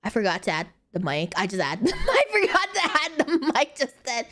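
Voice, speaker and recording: A woman's voice: a little high, huge pitch swings, normal speed, few pauses, a bit bright. A young woman streaming casually, rambling playfully and laughing often. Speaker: VTuber streamer. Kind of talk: casual live-stream chat.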